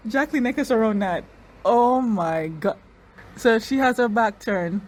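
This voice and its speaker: A woman giving excitable reaction commentary on an episode, bursting into loud exclamations and then rambling quickly through her analysis. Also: fairly high pitch. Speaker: reaction vlogger.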